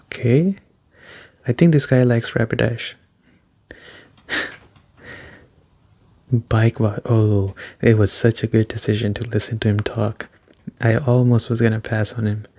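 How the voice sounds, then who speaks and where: A man giving soft-spoken ASMR gameplay commentary, with casual joking asides and a voice going hoarse. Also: medium pitch, steady tone, a little slow, long pauses. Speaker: let's play host.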